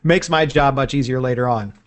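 A man's voice: medium pitch, a little fast. Easygoing man hosting a tech podcast. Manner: relaxed, joking, rambling. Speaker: podcast host. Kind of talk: casual tech podcast chat.

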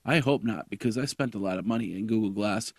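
A man hosting a casual tech podcast, his voice raspy and hoarse from a cough, rambling with lots of fillers and restarts. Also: fairly low pitch, fast, dry recording, studio quality. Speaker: podcast host.

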